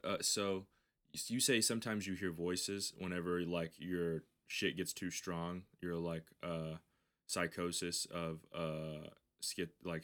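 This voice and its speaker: A man's voice: low-pitched, fairly bright tone. A man co-hosting a podcast in casual, crude chat, rambling with many restarts and often laughing. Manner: rambling, laughs often, acts out quoted voices. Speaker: podcast co-host.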